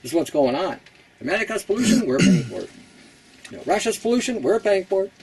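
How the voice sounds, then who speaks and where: Chatty man, fairly high voice. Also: big pitch swings, quick pace, gravelly, background noise. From Canada. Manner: chatty, laughs at his own jokes, blunt. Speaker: host. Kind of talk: casual how-to talk.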